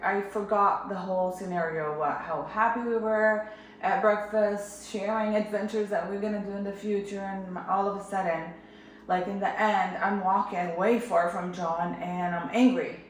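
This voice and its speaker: A woman from Jerusalem candidly retelling a personal experience in an animated way. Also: mid-range voice, normal speed, a little hiss or hum. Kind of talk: personal storytelling. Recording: echoey room.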